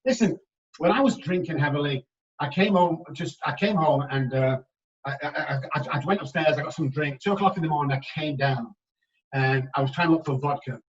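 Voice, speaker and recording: A man's voice: fairly high pitch, brisk. Emphatic older man telling his story. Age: 60s. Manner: emphatic, swings between hushed and loud. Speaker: guest, recovery expert. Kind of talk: candid podcast storytelling. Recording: dull, distant podcast audio.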